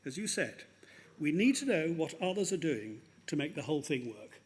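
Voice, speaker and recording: A man with a somewhat high voice presents an honorary award at a graduation ceremony. He reads a formal, measured citation and stumbles lightly here and there. He speaks into a podium microphone in a ceremony hall. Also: big pitch swings. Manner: measured and formal, with small slips and laughs.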